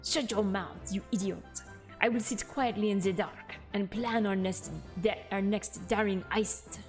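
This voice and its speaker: A woman's voice: medium pitch, fairly even intonation, normal speed, a bit bright, soft background music, lightly acted. A woman voicing a cocky young French thief with a mock French accent, speaking theatrically. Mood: scheming.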